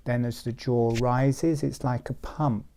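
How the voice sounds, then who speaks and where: A man teaching a breathing meditation to a group, talking slowly and soothingly and sometimes dropping to a near-whisper. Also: medium pitch, fairly even intonation, mellow. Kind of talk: guided meditation instruction. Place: group session, others present.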